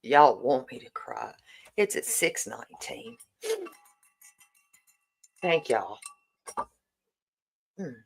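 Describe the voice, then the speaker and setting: Gravelly slow-talking woman in her forties. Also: a bass voice, sing-song, faint music behind, rough recording. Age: 40s. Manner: warm, emotional, repeatedly thanking viewers. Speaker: livestream host. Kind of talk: casual livestream fundraiser chat.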